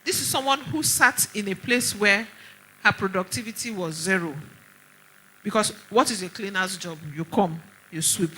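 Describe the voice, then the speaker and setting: A middle-aged Nigerian woman, a doctor, giving an animated conference talk full of stories and pointed rhetorical questions. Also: mid-range voice, moderate pace, a little hiss or hum, low-quality recording. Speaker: doctor speaking at a women's conference.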